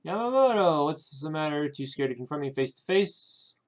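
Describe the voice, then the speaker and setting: A man's voice: on the high side, expressive, lightly acted. A man reading a defiant young detective hero. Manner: defiant, quick retorts.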